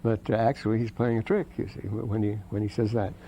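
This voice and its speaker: A man's voice: fairly low pitch, little pitch movement, quick pace, mellow, slight background noise, poor audio. A man lecturing on scripture, wandering off into asides and "you see", and reading quoted verses aloud with more force. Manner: reads quoted verses aloud with rising emphasis.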